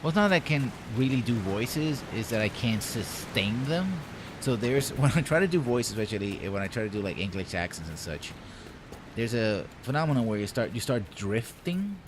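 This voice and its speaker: A man's voice: mid-range voice, sing-song, normal speed, background noise. A man streaming a game live, rambling to himself with jokey asides and puns as he plays. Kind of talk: live gameplay commentary.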